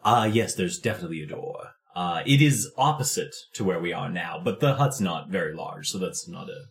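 A man voicing a calm telepathic bird. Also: deep voice, brisk, pitched below the performer's own voice. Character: quiet telepathic bird companion.

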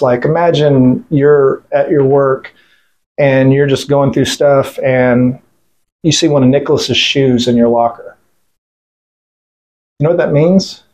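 A military veteran, appearing as an interview guest, speaks in a medium-pitched, somewhat dark male voice. He tells his story casually and bluntly, swearing as he goes, rambling with restarts and fillers, and quoting what other people said.

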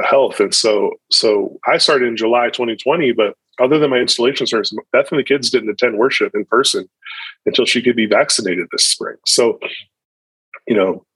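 A man's voice: mid-range voice, fairly bright tone, breathy edge, no room sound, poor audio. A man in his thirties, a pastor, talking reflectively in a podcast interview, often restarting his sentences. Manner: reflective, with frequent restarts and fillers.

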